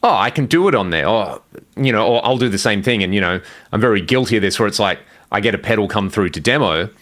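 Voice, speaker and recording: A man's voice: fairly low pitch, fast, fairly bright tone. A man hosting a gear podcast in casual chat, chatty and self-deprecating, who demos pedals.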